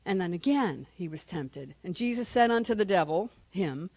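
A woman's voice: on the low side, expressive, moderate pace, a little mellow, slightly rough, no room sound. A woman teaching a Sunday school class in church, passionate and reading scripture aloud.

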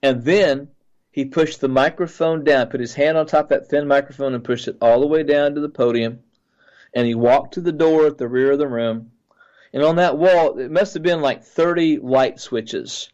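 A man, a pastor, earnestly recounting a dream in a halting way with many restarts. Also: on the high side, a little mellow, dull audio.

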